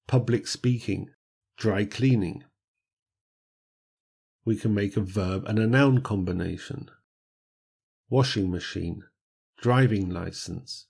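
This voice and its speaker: Male english teacher, low voice, very slow and deliberate, careful word stress. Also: darkish tone. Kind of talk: scripted grammar lesson.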